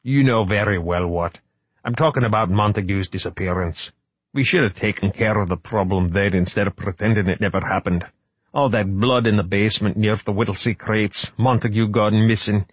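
Male reader doing a low, husky, lecturing official, blunt and dubious. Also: normal speed, no echo.

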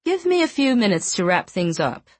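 A woman reading an audiobook voices a calm young man reassuring his fiancée, soft and unhurried. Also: medium pitch, dry recording, voice pushed up. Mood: dry amused.

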